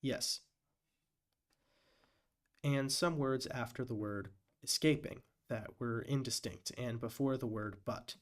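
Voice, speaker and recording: A man with a medium-pitched voice live-streams himself reading a hearing transcript aloud and commenting, deliberately saying every "quote" and "end quote" marker.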